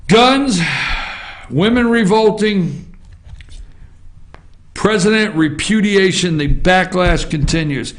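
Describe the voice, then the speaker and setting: A man's voice: sits high, unhurried. A man hosting a political opinion show, ranting emphatically in an impassioned monologue with repeated refrains. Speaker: talk show host.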